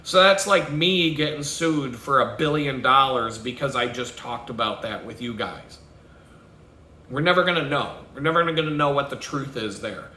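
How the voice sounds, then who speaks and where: Guy going off on a profane rant, real bright edgy voice, roomy echo. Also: medium pitch, normal speed. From Texas. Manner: profane, conspiratorial, swings into loud shouting and mimicked sounds. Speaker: podcast host.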